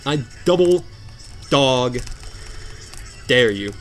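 A man commentating a hard video game, sarcastic and mock-dramatic, swinging from low mutters to sudden outbursts. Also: expressive, very slow, faint music behind. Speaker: gameplay commentator. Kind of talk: let's play commentary.

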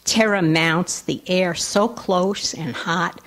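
A nasal woman reads her own personal essay to a lecture audience. Her voice sits a little low for a woman. She rushes through casual asides, then slows down for the measured reading. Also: fairly bright tone. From Long Island, New York. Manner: quick conversational asides between slower, measured reading. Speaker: writer reading her work.

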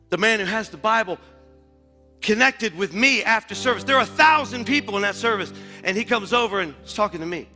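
A male pastor preaching a sermon in a church, dropping to hushed asides and rising to loud declarations. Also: high voice, expressive, brisk, long reverb tail, faint music behind. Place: church sanctuary.

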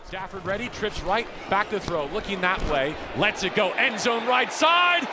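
A man calling football play-by-play in a broadcast style, building to shouts on big plays. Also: high-pitched, lively intonation, normal speed, heavy background noise. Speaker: play-by-play announcer.

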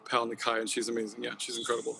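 A man's voice: mid-range voice, monotone, very fast, gravelly, sharp tone, a little hiss or hum. A man talking passionately in a casual podcast interview, rambling and swearing freely. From Northern California. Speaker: podcast guest, company founder.

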